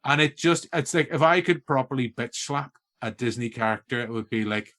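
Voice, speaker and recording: A man's voice: medium pitch, fairly quick, hardly any pauses, a bit bright. A man with a Northern Irish accent hosting a casual film-review podcast, talking enthusiastically in a rambling way with many restarts. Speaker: podcast host.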